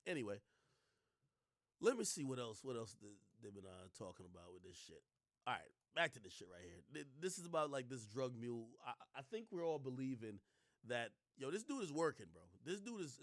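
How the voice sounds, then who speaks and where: A man streaming and reacting to clips in casual, animated talk, full of slang, swearing and repeated words. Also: mid-range voice, a little fast, dry recording, clean studio sound.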